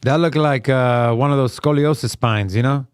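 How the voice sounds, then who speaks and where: A man's voice: medium pitch, normal speed, clean tone, no room sound. Hyped man calling live chart trades. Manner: hyped, chatty, talks to chat by name. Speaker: live trading stream host. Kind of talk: casual live-stream chart commentary.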